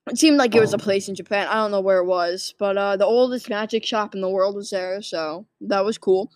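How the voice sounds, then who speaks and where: A woman's voice: mid-range voice, fairly quick, no echo. A sleepy woman casually rambling through a movie plot summary, full of fillers and restarts. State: sleepy, yawning. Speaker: movie recap vlogger.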